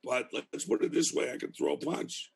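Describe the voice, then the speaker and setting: A man's voice: medium pitch, huge pitch swings, moderate pace, creaky, slightly rough. A man in his fifties with a Boston accent, a criminal justice professor speaking as a podcast guest in a blunt, anecdotal way. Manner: blunt, anecdotal, restarts phrases often. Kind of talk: casual podcast conversation.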